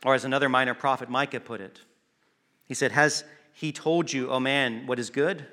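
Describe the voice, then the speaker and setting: A man delivering a sermon in a bright, forceful voice. He speaks earnestly and with emphasis, pausing for effect and now and then restarting a phrase. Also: mid-range voice, steady tone. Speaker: preacher.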